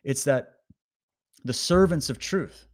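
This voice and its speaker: This online commentator's medium-pitched voice has a darkish tone and moves at a slow pace. Preachy and exhorting, he drives an impassioned motivational speech at his listeners, pushing them on and climbing to emphatic high points.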